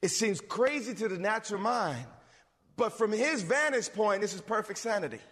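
Man preaching, high voice, husky edge, lively swings, big hall reverb. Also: moderate pace. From suburbs. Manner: animated, swings between loud bursts and low asides. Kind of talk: sermon.

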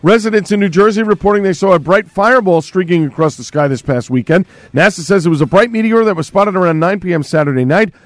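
A man reading local news on the radio in a steady, crisp broadcast delivery. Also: high-pitched, fast, hardly any pauses, no room sound. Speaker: radio co-host and news anchor. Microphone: studio microphone.

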